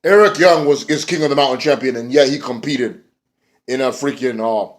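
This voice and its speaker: A man's voice: mid-range voice, moderate pace. Rambling, profane young man recapping. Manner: rambling, profane, many fillers. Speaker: wrestling show reviewer. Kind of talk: casual recap.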